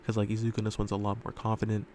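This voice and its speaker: A man's voice: on the low side, completely flat delivery, very fast, darkish tone, slight background noise. A man telling a fan story casually, rambling with lots of fillers and loose swearing, recorded in a room at home.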